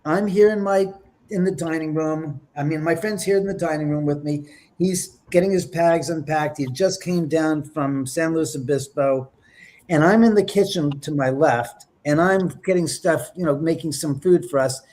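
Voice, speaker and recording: A man telling paranormal stories in an interview, lively and acting out the voices he quotes. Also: on the high side, moderate pace. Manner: lively, acts out quotes with whispers and exclamations. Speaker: paranormal investigator guest. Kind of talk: animated storytelling in an interview.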